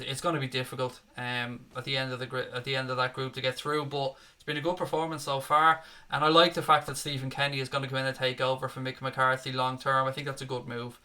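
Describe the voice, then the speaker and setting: A man's voice: mid-range voice, bright, forceful tone. A man hosting a live football watchalong, chatting casually and reading out viewer comments with a matey, joking manner. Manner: chatty, matey, jokey, says "mate" often.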